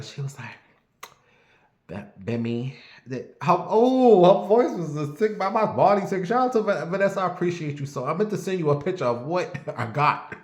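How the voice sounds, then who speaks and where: A man hosting a casual livestream, giving shout-outs to viewers in an animated, rambling way. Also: mid-range voice. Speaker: livestream host. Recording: echoey room.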